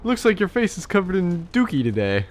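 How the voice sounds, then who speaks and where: A man playing a crude father who loudly taunts his little son. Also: high voice, wildly swooping pitch, brisk, pitched above the performer's own voice. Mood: taunting.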